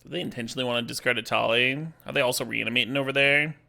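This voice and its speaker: A man's voice: mid-range voice, fairly even intonation, very fast, gravelly, sharp tone. A man streaming a card game, talking through his plays in a casual, swearing, laughing way. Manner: swears casually, laughs often, thinks aloud. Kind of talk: casual live-stream commentary.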